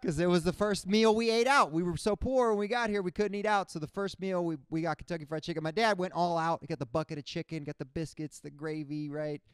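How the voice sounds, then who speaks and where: A young man from Cuba works through a stand-up set with a smooth, clear voice held close to the mic in a dry sound. His everyday pitch sits a little high, and he keeps breaking into animated, squeaky character voices. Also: fast, hardly any pauses, dry recording. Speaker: stand-up comedian. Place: comedy stage before a live audience.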